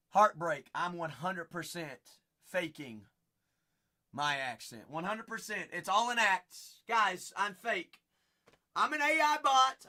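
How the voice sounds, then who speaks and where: A man's voice: high-pitched, sharp tone. A young man with a Southern Kentucky twang, hosting a live card-break stream with folksy, hyped sales banter.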